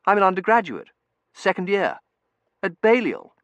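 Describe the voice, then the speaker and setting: A polite young undergraduate caught off guard, as a man puts on a raised, eager voice. He stammers and rushes his excuses, his pitch jumping about nervously. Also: big pitch swings, a bit bright, no room sound, muffled recording. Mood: flustered. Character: flustered young male undergraduate.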